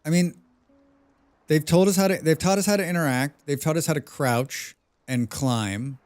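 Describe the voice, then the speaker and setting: A man's voice: a little high, moderate pace, a little mellow, soft background music. Rambling, joking male game streamer. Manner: rambling, joking, self-deprecating. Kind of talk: casual gaming livestream commentary.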